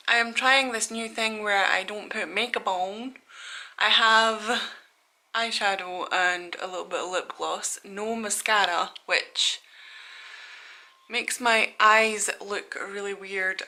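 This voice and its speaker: A woman's voice: mid-range voice, bright, forceful tone. A woman in her thirties from Scotland, chatting casually and rambling in a studio vlog, laughing at herself. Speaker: artist vlogger.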